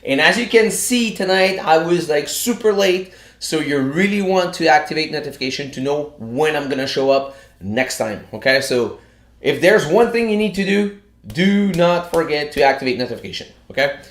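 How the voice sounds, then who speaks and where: A man's voice: on the high side, lively intonation, moderate pace, fairly bright tone. A man hosting a casual live stream, chatty and full of fillers and restarts, sounding out of breath. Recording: echoey room.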